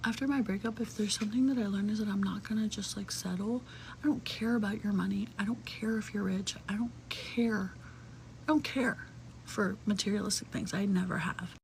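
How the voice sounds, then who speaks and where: A young adult woman telling a personal story in casual, chatty talk, full of "like" fillers, cursing, and hushed, whispery asides. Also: medium pitch, a little hiss or hum, low-quality recording.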